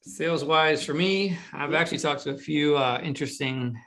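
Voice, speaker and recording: A man's voice: a little high, moderate pace, a bit bright. A man, an agency owner, chatting casually and joking with peers on a video call. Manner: joking, easygoing. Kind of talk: casual roundtable chat.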